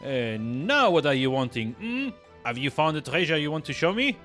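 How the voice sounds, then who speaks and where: A snooty merchant in a thick put-on French accent, as a man reads his game lines, lingering over every appraisal with lofty self-importance. The voice swoops up and down with animated pitch, bright and sharp at the front. Faint game music runs underneath. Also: moderate pace. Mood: haughty.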